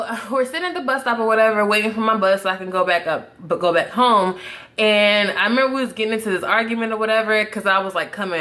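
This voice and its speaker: Young adult woman, bright voice, casual storytime vlog, animated, profane, self-mocking laughter. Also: medium pitch. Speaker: vlogger.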